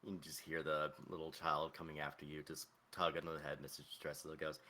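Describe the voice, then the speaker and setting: Guy with a super deep voice, chill narrating his turn. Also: flat delivery, a little fast, hardly any pauses, sharp tone. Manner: casual, loose, with fillers. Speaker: player. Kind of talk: tabletop game narration.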